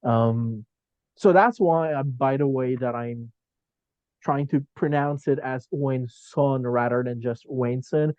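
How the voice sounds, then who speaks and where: A man chatting as a guest on a podcast, hedging and pausing often with ums. He talks slowly, in a mid-pitched voice, close and dry. The sound is a bit dull and lo-fi. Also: no room sound. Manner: hesitant, full of hedges and filler ums. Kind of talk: casual podcast chat.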